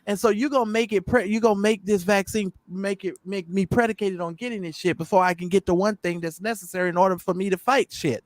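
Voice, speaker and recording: A man's voice: high-pitched, fairly even intonation, quick pace, few pauses, dry recording. A man co-hosting a casual opinion chat, blunt and profane, hammering his points hard. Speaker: co-host.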